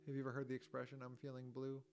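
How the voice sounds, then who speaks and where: A man's voice: medium pitch, completely flat delivery, rapid-fire. Man teaching feelings over guitar chords. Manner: gentle, acts out each emotion with exaggerated sighs and groans; chatty asides, thinks aloud. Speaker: music teacher. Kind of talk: children's lesson with guitar. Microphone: home recording mic. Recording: guitar music under the voice. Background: guitar chords under the voice.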